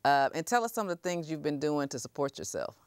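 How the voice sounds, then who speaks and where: Woman host, smooth clear voice, easygoing chat, dry close mic. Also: sits low, quick pace, no room sound. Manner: relaxed, conversational, some fillers. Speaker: talk show host. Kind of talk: hosting an interview.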